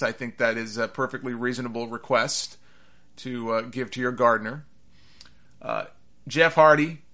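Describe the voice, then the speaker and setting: A man with a bright, forceful voice runs through a casual review show. He talks in a chatty, animated way, often breaking into laughter at the absurd bits. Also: medium pitch. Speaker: wrestling podcast host.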